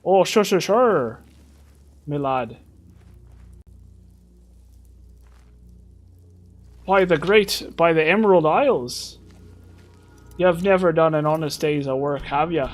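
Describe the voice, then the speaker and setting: Man doing a put-on Irish accent, gruff thief boss, scolding, pitched high, loud, faint music behind. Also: measured pace. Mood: mocking. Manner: scolding, repeating laddie.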